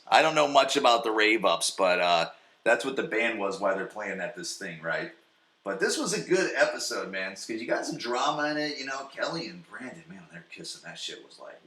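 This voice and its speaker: A man in his forties hosting a podcast from his basement, recapping an episode in a rambling, profane, excitable way. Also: mid-range voice, moderate pace, roomy sound. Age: 40s. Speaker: podcast host. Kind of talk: casual solo recap. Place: home basement.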